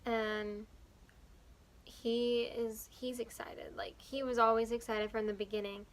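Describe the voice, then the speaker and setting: A woman's voice: on the high side, level tone, slow, rough recording. A young woman vlogger earnestly telling a personal story, rambling along with fillers.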